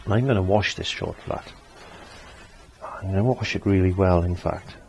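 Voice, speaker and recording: A man with a fairly low voice talks a beginner through a painting lesson step by step. He is easygoing and chatty, often repeating a phrase while he works. A faint hiss sits behind him. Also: normal speed, creaky, a little mellow. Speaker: painting teacher.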